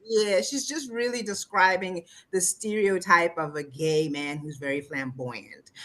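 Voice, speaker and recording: A woman's voice: on the low side, unhurried, fairly bright tone. A woman co-hosting a casual discussion show, earnest and explaining, who makes her points firmly and simply. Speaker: co-host.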